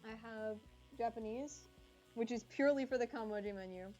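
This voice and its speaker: A woman's voice: fairly high pitch, moderate pace, mellow, soft background music. A woman streaming live who chats casually with her viewers and answers their messages, sounding slightly congested. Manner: chatty, reading and answering chat.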